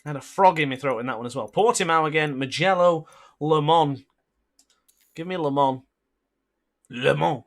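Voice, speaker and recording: At normal speed but with long pauses, a man with a voice on the high side provides livestream gameplay commentary. The streamer excitably calls his own race sports-style and bursts into frustration at times.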